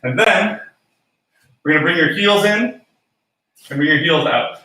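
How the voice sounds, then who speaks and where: A man's voice: on the high side, a little slow, sharp tone, recorded from a distance. A man teaching a solo swing dance class, talking through steps and counting beats aloud in rhythm. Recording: echoey room, voice from off-mic.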